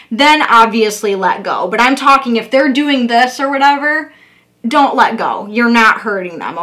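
A woman's voice: a little high, fairly bright tone. A young woman, a dog groomer, giving a patient step-by-step demo on handling a puppy. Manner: patient, repetitive coaching tone. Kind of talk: instructional demo.

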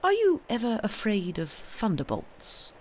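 Woman reader as storybook curate, man, pious, stern, quiet, grave. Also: medium pitch, huge pitch swings, a little slow, slight background noise, pitched above the performer's own voice.

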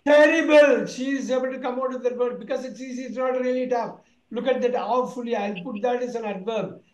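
A man's voice: very high-pitched, fairly even intonation, brisk, a little mellow, echoey room, poor audio. A man teaching an online vocabulary lesson, repeating words and quizzing his students. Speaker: English teacher.

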